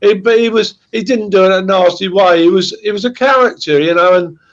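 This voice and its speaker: Appearing as a guest fan on a podcast, a man with a high-sitting voice chats casually and speaks from the heart. He halts and repeats words, and the sound is lo-fi.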